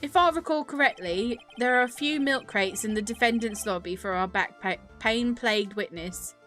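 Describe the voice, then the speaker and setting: A woman reads as a sharp young male lawyer in a video game, speaking in a measured, cool tone pitched a little lower than her own. Quiet music plays behind. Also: close to an everyday voice.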